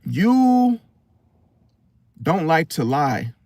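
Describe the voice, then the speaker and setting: Guy talking straight to camera, slangy and animated, pretty high voice, dry close mic. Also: drawn-out words, no echo. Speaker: astrology channel host. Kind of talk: casual spoken monologue.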